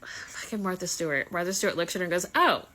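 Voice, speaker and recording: A woman with a lowish voice and a bright, sharp edge recounts celebrity run-ins in a casual storytime. She talks in a chatty, gossipy way and swears freely for emphasis. It sounds like a phone recording made at home. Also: fairly even intonation, rapid-fire.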